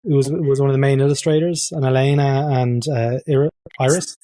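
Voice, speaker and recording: A man's voice: medium pitch, fairly even intonation, a little fast, dark tone, no room sound. A man hosting a podcast interview, chatty and self-deprecating. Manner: chatty, self-deprecating, loves putting on accents. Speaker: podcast host. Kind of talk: casual interview chat.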